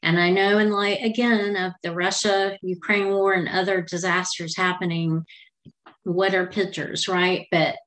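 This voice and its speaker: A middle-aged woman with a slightly low voice recounts a personal story. She talks in a chatty, meandering and heartfelt way, like a podcast host speaking straight to her listeners. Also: little pitch movement, a little slow, fairly bright tone.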